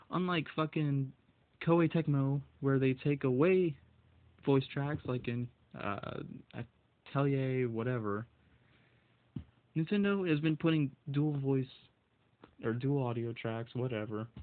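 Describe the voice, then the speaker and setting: Furious about what video games cost, a man delivers a solo rant, cursing nonstop and tripping over words as his voice trembles with anger. He has a mid-range voice, and the audio is narrow and tinny.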